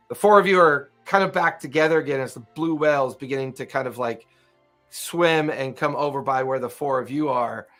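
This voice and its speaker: A man's voice: mid-range voice, fairly bright tone. A man acting as game master, narrating a tabletop game loosely with many fillers.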